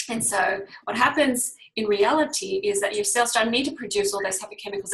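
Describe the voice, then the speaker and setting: A woman's voice: mid-range voice, fairly bright tone, poor audio. A woman teaching a casual online health class, explaining step by step and often checking in with her listeners.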